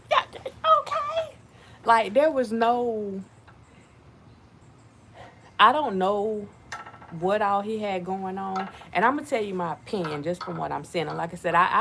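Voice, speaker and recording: A woman giving casual commentary to her viewers, animated and repetitive, talking to them as y'all. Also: mid-range voice, moderate pace, background noise. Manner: animated, repeats herself, addresses viewers as y'all. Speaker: channel host.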